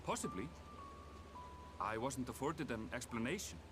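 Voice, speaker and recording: A man voicing a polite male gleaner with an Eastern European accent, speaking in a measured, courteous way. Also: mid-range voice, big pitch swings, lightly acted. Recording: game audio with music.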